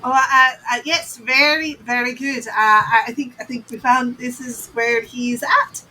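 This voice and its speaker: Playful, slightly high woman player. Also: fairly even intonation, measured pace, sharp tone, low-quality recording. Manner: playful, joking. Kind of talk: tabletop game play.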